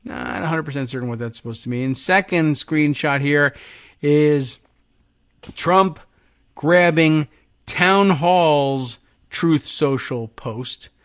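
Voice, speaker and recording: A man's voice: a little high, slow, a bit bright, dry recording, clean studio sound. A man hosting a political talk show, giving loose, sarcastic commentary with mocking asides. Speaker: political podcast host. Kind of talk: talk-radio style news commentary.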